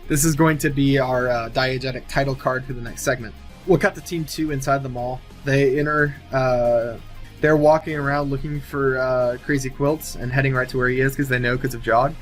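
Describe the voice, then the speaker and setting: A man's voice: medium pitch, steady tone, normal speed, faint music behind. A man casually narrating an imagined film sequel, thinking aloud with many fillers and restarts. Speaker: movie sequel writer.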